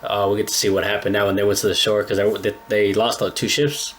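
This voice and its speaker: A young man with a deep, low voice reacts casually to an anime, talking to his viewers in relaxed slang. He sounds a little stuffy this morning, and a faint hiss of noise sits under his voice. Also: fast. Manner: laid-back slangy chatter, talks to viewers as bro. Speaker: anime reaction channel host.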